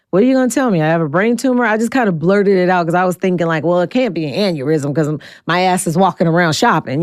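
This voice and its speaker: A woman in her forties talks bluntly and with energy, a straight shooter retelling her story for an interview. Her voice sits low and smooth, recorded dry and close. When she quotes people, her pitch leaps sharply upward. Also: no echo. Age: 40s. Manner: blunt, animated, acts out quotes with big pitch jumps. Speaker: guest.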